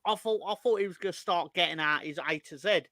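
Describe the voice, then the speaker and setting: A man's voice: high-pitched, fast talker, bright, forceful tone. A man co-hosting a football chat, amused and wry, with casual swearing. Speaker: co-host.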